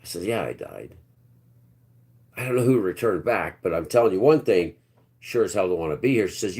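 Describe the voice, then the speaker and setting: A man's voice: lowish voice, expressive, a little fast, a little mellow. A man hosting a live stream, telling a long personal story in a rambling, blunt, earthy way.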